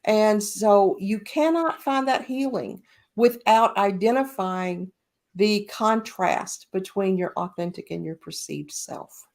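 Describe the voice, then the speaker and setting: A woman hosting a spiritual talk show, speaking in a relaxed conversational way. She tells stories, rushes through asides and slows down to stress her points. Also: mid-range voice. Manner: storytelling, speeds up and slows down, emphatic. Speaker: podcast host. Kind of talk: casual spiritual podcast talk.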